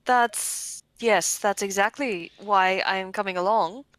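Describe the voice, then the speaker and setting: Bright-voiced wry woman player. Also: medium pitch, a little slow, no echo. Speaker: tabletop player. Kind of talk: in-character tabletop role-play.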